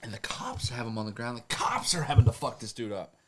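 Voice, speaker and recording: A man telling rough stories on a podcast, profane and rambling, laughing through them. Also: mid-range voice, expressive, fast, a crowd in the background. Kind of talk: casual storytelling.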